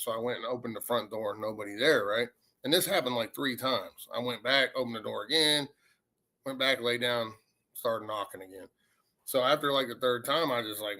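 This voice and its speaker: Bright-voiced man telling ghost stories. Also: mid-range voice, fairly quick. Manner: rambling, animated retelling with acted quotes. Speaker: paranormal investigator. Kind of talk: casual storytelling.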